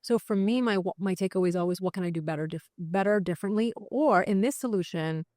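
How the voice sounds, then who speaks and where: A woman being interviewed, talking in an animated, conversational way with frequent restarts and fillers. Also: medium pitch, quick pace, no room sound, clean studio sound. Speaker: psychiatrist guest.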